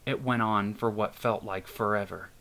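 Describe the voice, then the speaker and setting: A man narrating a scripted horror story in a steady storytelling manner. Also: lowish voice, normal speed, gravelly. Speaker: narrator and author.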